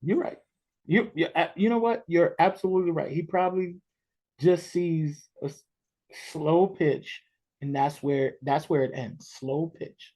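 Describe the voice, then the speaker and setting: Animated man hosting a podcast. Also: on the high side, measured pace. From New York. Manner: animated, excitable storytelling. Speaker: podcast host. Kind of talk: casual interview chat.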